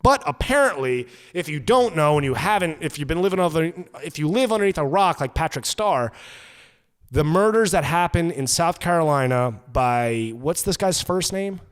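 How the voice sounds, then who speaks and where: A man's voice: fairly high pitch, lively intonation, smooth, big-room sound. A man with a New York accent, co-hosting a podcast and ranting profanely for comedy. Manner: loud, fast-ranting, profane. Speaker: podcast co-host.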